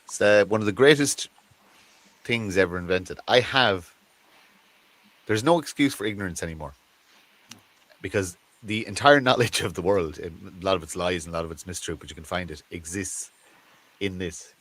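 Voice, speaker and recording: An Irish man with a very low voice speaks as a podcast guest. He muses aloud, stumbling over and repeating words as he works through his thoughts. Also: moderate pace, long pauses, fairly bright tone, no room sound. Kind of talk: conversational interview.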